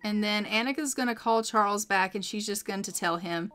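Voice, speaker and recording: A woman tells the story of her game playthrough in a relaxed, chatty way, dropping fillers as she goes. Her voice is bright and forceful, with an ordinary middle pitch. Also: fairly quick, clear, resonant tone. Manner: casual, with fillers. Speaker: game narrator. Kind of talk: chatty let's play storytelling.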